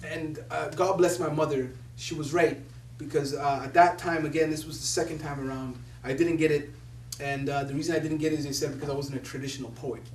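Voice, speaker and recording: A man's voice: fairly high pitch, fairly even intonation, a little fast. A young man who is a poet laureate, telling stories animatedly and laughing as he quotes other people. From Somalia. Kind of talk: storytelling talk. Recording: echoey room from a distance with faint hum.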